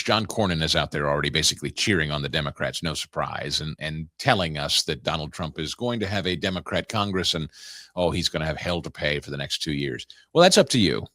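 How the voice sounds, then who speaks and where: A man's voice: a bass voice, pushed and bright, no room sound, clean studio sound. A man hosting a political talk show, commenting in a sarcastic, incredulous way.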